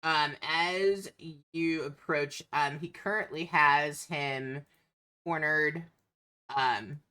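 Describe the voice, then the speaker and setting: A woman's voice: low-pitched, extremely slow, sharp tone, clear, resonant tone. A woman narrating as a tabletop game master, hesitant and full of ums.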